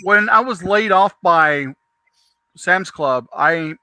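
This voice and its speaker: A man telling a long rambling story in a casual chat, with frequent restarts and lively asides. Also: high-pitched, slow, smooth, no room sound.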